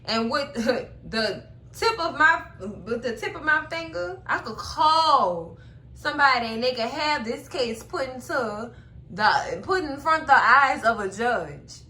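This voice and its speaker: Lady doing a show recap, high voice, acts out everyone's lines, laughs a lot. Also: unhurried. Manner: animated storytelling, acting out characters' lines, laughing. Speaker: recap host. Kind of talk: casual TV episode recap.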